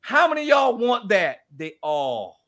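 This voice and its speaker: A man speaking as a guest, telling a story in a lively, preacher-like way and acting out the quoted dialogue. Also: high voice, measured pace, creaky. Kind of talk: animated storytelling talk.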